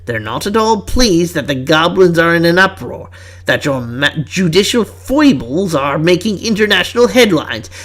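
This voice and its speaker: A cool, stern male envoy with a British accent, delivering measured warnings, as a reader puts him on. The pitch moves in lively steps. He sounds unimpressed.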